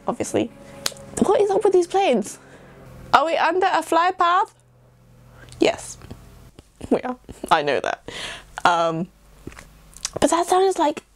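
Chatty young English woman, lively voice. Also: lowish voice, dry recording. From England. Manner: chatty, rambling, self-deprecating. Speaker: YouTuber. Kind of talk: rambling casual vlog chat.

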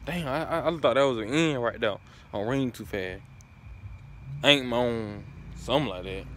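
A man's voice: medium pitch, slight background noise. A man vlogging casually, laid-back and full of slang, often stumbling over words and chuckling at himself. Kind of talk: casual vlog.

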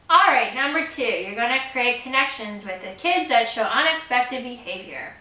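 A high, bright-voiced woman in her thirties talks teachers through her ideas with bubbly, animated energy. She speaks from her art studio, caught at a slight distance by the camera mic, and the room around her sounds roomy. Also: moderate pace, hardly any pauses. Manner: bubbly, animated, bursts into excited squeals when quoting kids. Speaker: art teacher and course host.

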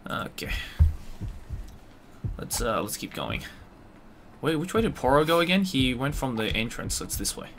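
A young man commentating his own horror game live, talking to himself, swearing and yelling in frustration. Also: mid-range voice, very animated, moderate pace, creaky, pauses often, a little hiss or hum. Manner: swears a lot, talks to himself, yells in frustration. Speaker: streamer playing a horror game.

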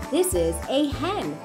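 A woman who teaches pre-K, giving a televised lesson for young children in a playful, animated way and imitating animal sounds. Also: on the high side. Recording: children's music playing underneath. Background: light children's music.

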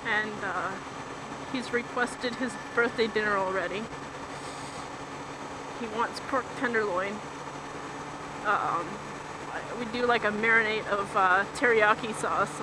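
A woman's voice: medium pitch, slow pace, pauses often. A middle-aged woman vlogging casually while out on a bike ride, rambling and chatty, laughing easily. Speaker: vlogger riding a motorcycle. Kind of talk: casual chat while riding. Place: outdoors on a bike. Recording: loud road and wind noise.

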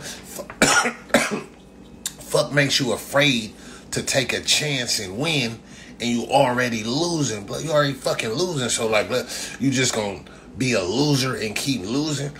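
A man's voice: mid-range voice, bright, forceful tone, slight background noise. A man ranting bluntly on a casual livestream, lecturing with rhetorical questions and repeating the same slang address constantly. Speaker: livestream host answering chat.

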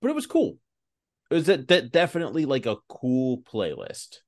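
A man co-hosting a podcast in casual chat, animated, acting out the people in his stories. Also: mid-range voice, moderate pace. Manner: animated storyteller, acts out quoted people. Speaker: podcast co-host.

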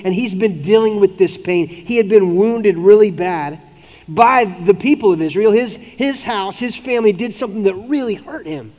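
A man's voice: sits high, moderate pace, a little mellow. A man preaching a sermon as a pastor, in a casual, conversational way, slipping into playful voices for the people in the story. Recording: dull lo-fi audio with long hall reverb.

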